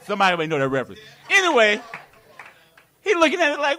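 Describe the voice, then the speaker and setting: Lively, high-voiced male preacher. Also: quick pace. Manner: playful, laughing, call-and-response. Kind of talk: live sermon. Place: community worship hall.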